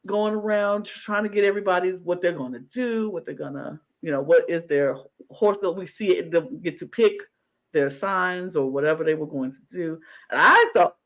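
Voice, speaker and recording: Brief: a high-pitched man co-hosting a chatty podcast, gushing and acting out his reactions. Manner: animated and gushing, acts out his own reactions. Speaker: podcast co-host. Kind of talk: casual reaction chat.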